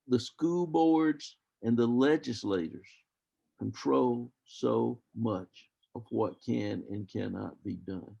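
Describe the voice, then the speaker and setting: An older man talks through history as a guest on a video call, thinking aloud and circling back on himself. His voice is heavily gravelly and husky, with a dark, mellow tone. The sound is dull and lo-fi, as over a call. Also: mid-range voice. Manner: rambling, thoughtful, with many restarts.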